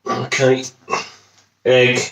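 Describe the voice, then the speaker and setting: A man's voice: medium pitch, completely flat delivery, drawn-out words, fairly bright tone. A man with a West Midlands accent, from Wolverhampton, chatting jokily and rambling as he demonstrates a recipe at home, swearing now and then. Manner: jokey, rambling, swears casually. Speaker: home cooking video host. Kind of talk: casual cooking demonstration. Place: home kitchen. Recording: echoey kitchen, voice off-mic.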